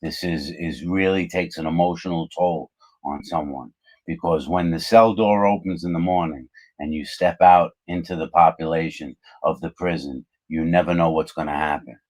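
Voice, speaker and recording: A middle-aged man hosting a casual talk, speaking in a measured, reflective way with plenty of fillers. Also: sits low, steady tone, a little mellow. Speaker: channel host, former prisoner. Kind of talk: casual conversational chat.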